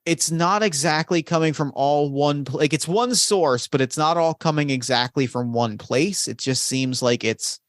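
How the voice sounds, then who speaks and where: A man narrating a tabletop game as game master, in a halting way, often restarting his sentences. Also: a little high, no echo, studio quality. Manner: halting, full of restarts and fillers.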